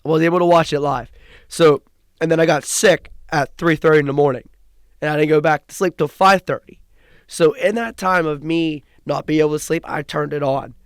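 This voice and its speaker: Excited young man, rambling recap. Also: on the high side, clean tone, no echo, clean studio sound. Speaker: podcast co-host. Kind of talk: casual chat.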